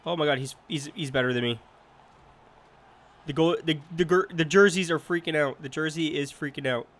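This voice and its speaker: A man's voice: on the high side, normal speed, fairly bright tone. A young man giving casual let's-play commentary over a hockey video game, rambling and repeating himself with many fillers. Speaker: gaming commentator.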